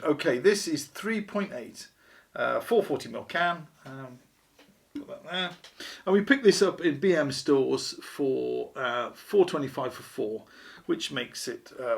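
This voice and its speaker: A man's voice: medium pitch, expressive, a little slow, vocal fry. A man hosting a casual beer review vlog, chatty and wry, poking fun at himself. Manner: chatty, wry, self-deprecating.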